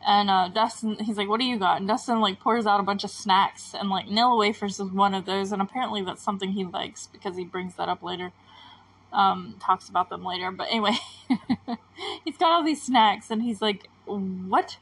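A woman's voice: medium pitch, steady tone, moderate pace, a bit bright, slightly rough, rough recording. Chatty rambling woman recapping a show. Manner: chatty and rambling, full of fillers. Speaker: TV recap podcast host. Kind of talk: casual episode recap.

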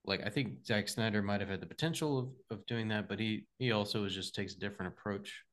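A young man co-hosting a casual movie podcast, rambling with many fillers and getting animated when he jokes. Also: fairly low pitch, quick pace. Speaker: podcast co-host. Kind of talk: casual movie review chat.

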